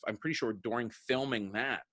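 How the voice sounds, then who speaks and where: A man's voice: medium pitch, a little fast, sharp tone. A man in his thirties, a comedian guest, telling rambling stories in a casual interview and acting out the people he quotes. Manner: rambling storyteller, acts out quoted voices.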